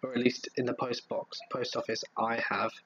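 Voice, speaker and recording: A man with a Southeast English accent hosting a casual live stream, reading viewer comments aloud and answering them in a relaxed, rambling way. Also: mid-range voice, normal speed, muffled recording, slight background noise. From England.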